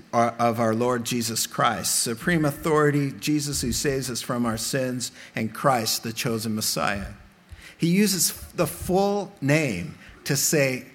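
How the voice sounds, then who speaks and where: A man preaching a sermon in a church, animated and humorous, making direct appeals to the congregation. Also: medium pitch. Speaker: pastor. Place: church sanctuary.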